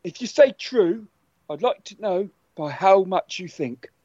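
A man's voice: high-pitched, animated, measured pace, darkish tone, no echo. A man doing a goofy silly elephant. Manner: rambling, goofy. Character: silly male elephant quiz host. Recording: dull dry lo-fi sound.

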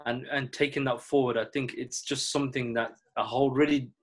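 Relaxed, reflective man telling stories. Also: medium pitch, fairly quick. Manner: relaxed, reflective, acts out quoted dialogue. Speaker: former cricketer and coach. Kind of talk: casual interview storytelling.

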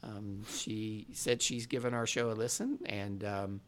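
A man's voice: lowish voice, flat delivery, a bit bright. A man hosting a podcast, reading out listener thanks and chatting casually, with many fillers. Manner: halting, many fillers, laughs easily. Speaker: podcast host. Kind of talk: casual chat.

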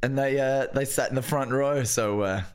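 A man's voice: medium pitch, normal speed. Laid-back, giggly male podcast host. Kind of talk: casual chat.

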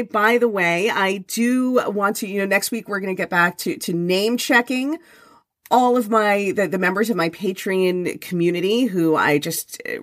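A woman host reads her own essay with wry, mock-dramatic emphasis, then drifts into loose, chatty asides full of restarts. It is her morning voice, close and dry on the mic, with a middling pitch for a woman. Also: dry recording. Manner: chatty with restarts when speaking off the page. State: first-thing-in-the-morning voice. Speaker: podcast host and author. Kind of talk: reading her own essay aloud, then casual chat.

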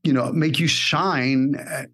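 A man's voice: a little high, steady tone, slow pace, a bit bright. A man who coaches actors, interviewing a guest and speaking earnestly and emphatically about the craft. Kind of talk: interview questions and commentary.

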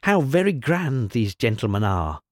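A man's voice: mid-range voice, very animated, no room sound. A man voicing a cranky old wise woman in a storybook reading, piping and snappish. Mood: mocking. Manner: piping, snappish, slow and deliberate.

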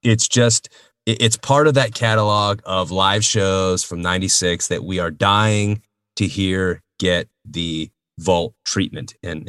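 A man's voice: deep voice, fairly bright tone, dry recording, studio quality. A man co-hosting a podcast in casual chat, friendly and enthusiastic. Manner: friendly, enthusiastic, laughs easily. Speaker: podcast co-host.

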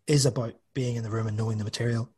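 A man's voice: mid-range voice, steady tone, racing, a little mellow, husky. A man, an author talking casually as an interview guest, chatty and self-deprecating with lots of restarts. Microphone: studio podcast microphone.

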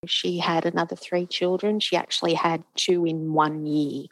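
A woman's voice: lowish voice, flat delivery, moderate pace, dry recording, low-quality recording. A middle-aged woman, a guest telling her own story, acting out the voices of the people in it. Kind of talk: emotional personal storytelling.

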